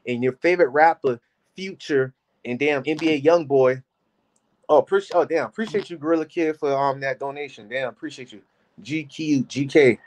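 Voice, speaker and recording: A man's voice: fairly high pitch, normal speed. Laid back guy hosting a live stream, chatty and slangy, reacting to a clip. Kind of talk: casual live reaction commentary.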